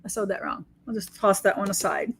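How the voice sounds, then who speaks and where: Demonstrating her sewing, a quilting teacher and shop owner from the United States chats with enthusiasm and self-mockery. Her mid-range voice is fairly quick and gravelly, with a fairly bright, breathy tone.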